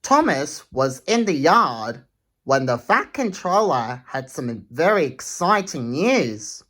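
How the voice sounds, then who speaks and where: A woman reading a children's picture book aloud, slow and expressive with a sing-song delivery. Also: a bass voice. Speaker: storytime reader.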